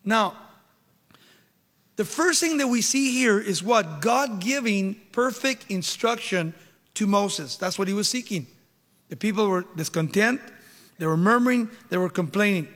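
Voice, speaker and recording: A man's voice: high-pitched, expressive, a little slow, fairly bright tone. A male pastor preaching a sermon, emphatic, with rhetorical questions and dramatic retelling, in a church hall.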